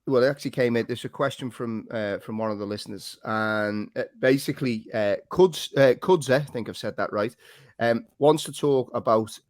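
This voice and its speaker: A man's voice: medium pitch, moderate pace, dry recording. Podcast host man, dry sound. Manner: lively, hesitant fillers, steers the talk. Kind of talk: casual football chat.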